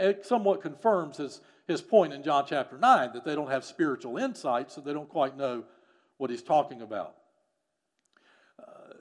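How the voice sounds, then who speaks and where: A man preaching a sermon in a teaching style, explaining scripture and often dropping softer on key phrases. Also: a little high. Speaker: pastor. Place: church or studio with a screen.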